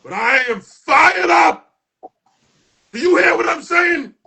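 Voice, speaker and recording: A man hosting a poetry show, delivering dramatic spoken-word poetry that builds into shouts. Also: very high voice, lively intonation, slow pace, gravelly. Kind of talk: performance poetry recital.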